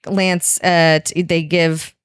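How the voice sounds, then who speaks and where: Woman podcast co-host, lowish voice, dry close sound, animated casual retelling. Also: slow, clean tone, no echo. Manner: animated storytelling, acting out characters' lines. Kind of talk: casual chat.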